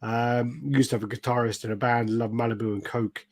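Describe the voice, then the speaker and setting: A man's voice: mid-range voice, steady tone, brisk, dry recording. A British man hosting a podcast, telling stories in casual chat, swearing and acting out quotes. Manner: swearing storyteller, acts out quotes. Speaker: podcast host.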